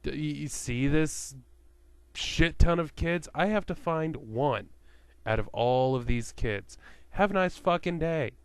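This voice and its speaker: A man's voice: fairly high pitch, measured pace, smooth, no echo. A man telling a profane, sarcastic rant to his webcam as a vlogger, swearing freely as he tells stories.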